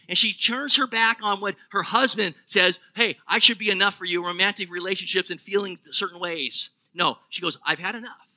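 A man delivers a sermon with a very bright, ringing tone. His voice sits high for a man. He keeps asking his listeners questions as he teaches. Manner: animated, asks the congregation questions. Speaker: pastor.

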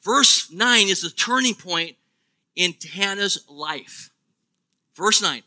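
A man preaching a sermon, animated and asking the congregation questions. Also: sits high, slow pace. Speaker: pastor.

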